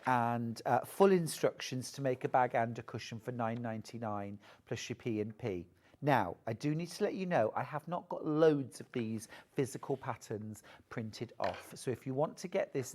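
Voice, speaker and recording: A woman's voice: a bass voice, normal speed, darkish tone. A woman presenting live on a TV shopping channel, gushing over the products and urging viewers to buy. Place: TV studio.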